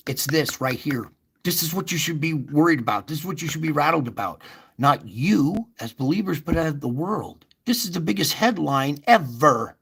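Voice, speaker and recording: Gravelly, husky man giving casual encouragement. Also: on the high side, fairly bright tone. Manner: earnest and chatty, with emphatic rises and restarts. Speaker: host of an online faith show.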